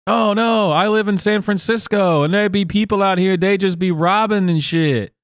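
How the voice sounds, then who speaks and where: A man's voice: high voice, normal speed, smooth, dry recording, studio quality, voice pushed up. A man voicing a whiny, self-pitying woman in exaggerated sarcastic mimicry. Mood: mocking.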